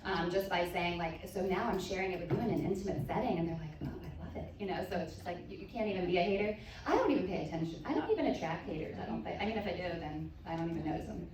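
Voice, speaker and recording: A woman on a panel speaking quickly and confidently in a casual, self-assured way. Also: on the low side, far from the mic, background noise. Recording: very echoey hall with crowd.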